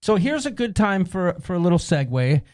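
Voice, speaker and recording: A man's voice: high-pitched, big pitch swings, moderate pace, a little mellow. Chatty rambling male host. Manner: chatty, rambling, self-interrupting. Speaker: show host. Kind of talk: casual chat.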